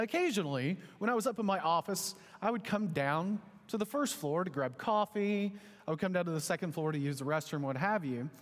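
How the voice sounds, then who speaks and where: A man in his thirties, a pastor, telling a story in an animated, conversational sermon. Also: on the high side. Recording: long hall reverb.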